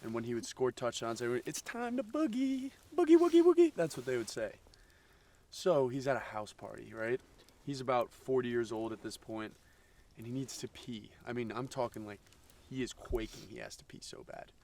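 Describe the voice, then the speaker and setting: A man's voice: medium pitch, fairly even intonation, normal speed, gravelly, a little mellow, far from the mic, lightly acted. A young man telling a campfire story to friends, hamming it up. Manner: hammy, playing it up.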